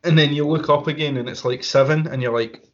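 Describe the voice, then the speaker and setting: A man's voice: on the high side, steady tone, fairly quick, highs cut off. A Scottish man in his twenties co-hosting a podcast, laid-back and easygoing, swearing casually. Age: 20s. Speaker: podcast co-host. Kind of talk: casual chat.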